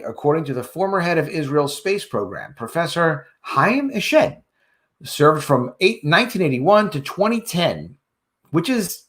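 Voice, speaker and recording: A man's voice: fairly high pitch, very animated, unhurried, fairly bright tone. A man giving casual news commentary on his channel, making joking, sarcastic asides as he reads out an article. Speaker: YouTube commentator.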